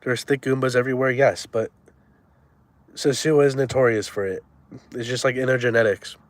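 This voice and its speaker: A man in his twenties chatting live with his viewers. He talks loose and crude and drops slang all the time. His voice sits at an ordinary mid pitch. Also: fairly even intonation, moderate pace, no room sound. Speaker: live streamer. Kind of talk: casual chat.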